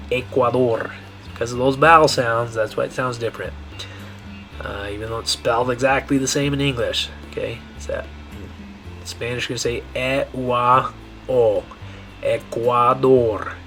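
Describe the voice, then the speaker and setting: A man giving a Spanish pronunciation lesson, repeating each word slowly and checking in with the learner. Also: medium pitch, pushed and bright. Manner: slow, repetitive modeling of words with frequent checks. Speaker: Spanish teacher.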